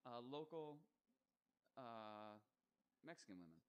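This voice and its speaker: Playful male podcast host, lively pitch. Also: slow, clean tone, muffled recording. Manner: joking interjections, playful. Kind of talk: casual chat.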